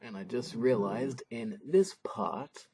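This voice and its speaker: A man's voice: mid-range voice, takes it slowly, gravelly, darkish tone, a little hiss or hum. A man narrating a drawing tutorial casually, thinking aloud with many fillers and restarts. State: has the hiccups.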